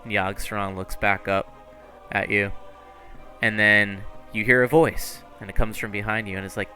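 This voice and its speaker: A man's voice: fairly low pitch, level tone, moderate pace, sharp tone, soft background music. A man narrating a tabletop game as game master, in a casual style full of fillers and swearing.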